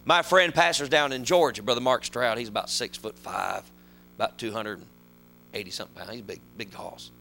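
Male preacher, folksy storyteller, bright and edgy tone, shifts loud to low. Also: fairly quick, vocal fry, a little hiss or hum. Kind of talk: sermon.

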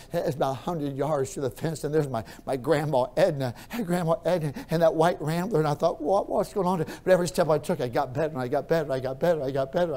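A male pastor preaching a sermon, repeating his phrases and moving between quiet storytelling and loud, raised preaching. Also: mid-range voice.

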